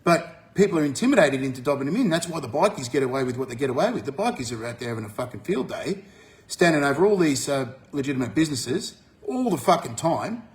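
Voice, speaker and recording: An Australian man talking bluntly to his viewers, swearing often and jumping up in pitch when he gets fired up. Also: big pitch swings, fast talker. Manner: forceful, swears freely, rises sharply when fired up. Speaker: vlogger. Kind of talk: blunt monologue to camera.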